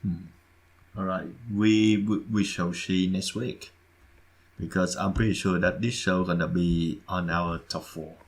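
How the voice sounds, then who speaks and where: Halting, low-voiced podcast man. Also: steady tone. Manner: hesitant, repeats words, halting phrasing. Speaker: podcast co-host. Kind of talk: casual podcast chat.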